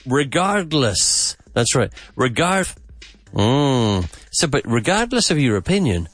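Man teaching vocabulary, lively pitch. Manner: slow, emphatic repetition of words. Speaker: English teacher and podcast host. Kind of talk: podcast vocabulary lesson.

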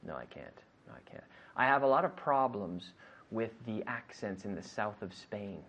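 A man's voice: on the low side, moderate pace, highs cut off. A man, a native English speaker, teaching an English lesson and repeating questions over and over in a classroom drill. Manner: lively, repetitive questioning, acts out both sides of a dialogue.

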